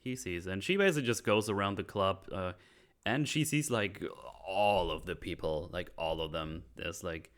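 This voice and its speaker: On a podcast, a man with a low, slightly bright voice recaps a film scene by scene at normal speed. His casual chat rambles, packed with fillers and restarts, and he keeps things loose, jokey and self-deprecating.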